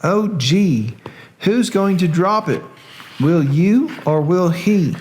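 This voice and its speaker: An anxious young boy with a Southern drawl, played by a man reading a storybook, pleading in a raised, higher voice. His pitch lifts well above a man's usual range. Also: lively intonation, slow pace, darkish tone, a little hiss or hum. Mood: worried.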